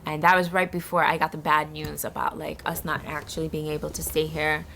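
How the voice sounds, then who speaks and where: A woman from the Bronx, speaking as a vlogger in a soft, halting way that searches for words while she tells a personal story. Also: low-pitched, little pitch movement, creaky, slight background noise. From the Bronx, New York. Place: eco-village in a jungle.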